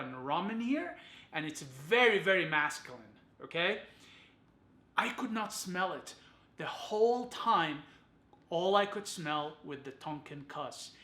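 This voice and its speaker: A man's voice: fairly high pitch, animated, a little slow, a bit bright, echoey room. A man giving a chatty to-camera perfume review, often adding "okay" and "you guys".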